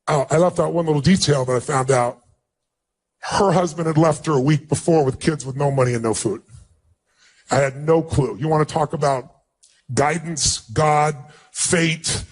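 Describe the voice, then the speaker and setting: Husky-voiced man telling a heartfelt story. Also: fairly high pitch. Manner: emphatic, acts out dialogue in a raised voice. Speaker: motivational speaker. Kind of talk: personal storytelling speech to an audience.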